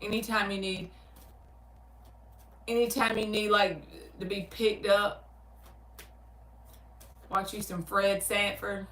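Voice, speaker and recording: A woman with a Southern US accent hosts a laid-back livestream, reading viewer comments aloud and answering each one in a chatty, animated way. She laughs easily and her voice sits in the middle of the range. She is set back from the mic, and the room adds a roomy echo. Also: mid-range voice, slow, pauses often, recorded from a distance. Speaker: tarot reader hosting a livestream. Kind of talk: casual livestream chat with viewers. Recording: roomy sound, speaker away from the mic.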